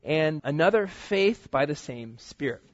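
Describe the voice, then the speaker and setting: A man gives a sermon in a loose, storytelling way, full of slang and animated asides. His voice sits a little higher than most men's. The recording is dull and lo-fi. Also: measured pace. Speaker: pastor.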